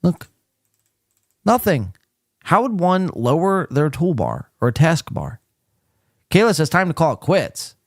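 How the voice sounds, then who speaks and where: A man's voice: on the high side, big pitch swings, slow, long pauses, no room sound, clean studio sound. A man hosting a live podcast, talking casually with blunt sarcasm and frequent swearing. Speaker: podcast host.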